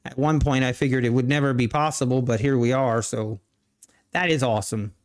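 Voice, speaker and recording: A man hosting a live day-trading stream, talking casually and haltingly, often restarting and clearing his throat. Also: mid-range voice, fairly even intonation. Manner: slow, halting, many restarts, answers chat. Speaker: livestream day-trading host. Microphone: desk mic.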